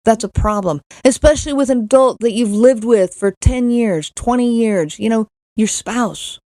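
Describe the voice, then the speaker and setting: A woman's voice: fairly high pitch, moderate pace, warm tone, dry recording, clean studio sound. A middle-aged woman hosting a podcast, telling a personal story in an earnest way, often repeating words and acting out what others said. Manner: earnest, repeats words, acts out quoted lines. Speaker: podcast host.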